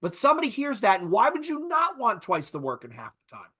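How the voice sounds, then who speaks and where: Bright, rambling man on a panel. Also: very high voice, wildly swooping pitch, fast talker, husky. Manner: rambling, self-correcting, keeps adding "right?". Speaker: podcast panelist. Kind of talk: casual panel discussion.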